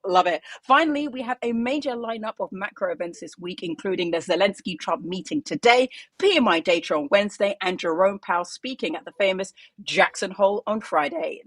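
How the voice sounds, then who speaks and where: A woman's voice: mid-range voice, a little fast, few pauses, no room sound. Upbeat chatty woman co-hosting a podcast. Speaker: co-host. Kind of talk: casual podcast chat and news roundup.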